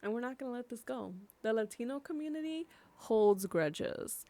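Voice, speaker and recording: Gravelly-voiced Californian woman venting. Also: fairly high pitch, lively intonation, mellow. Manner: emotional, swears freely, slows for emphasis. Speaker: vlogger. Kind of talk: impassioned personal commentary.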